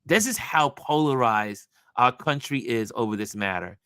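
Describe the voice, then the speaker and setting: A man from New York hosting a casual talk show, telling a story in an animated way with many restarts. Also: mid-range voice, normal speed, smooth, dry recording, studio quality. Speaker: host.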